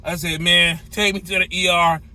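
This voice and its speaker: Animated high-voiced truck driver. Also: male voice, moderate pace, very noisy. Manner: animated, repeats phrases, folksy slang. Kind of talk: storytelling to camera.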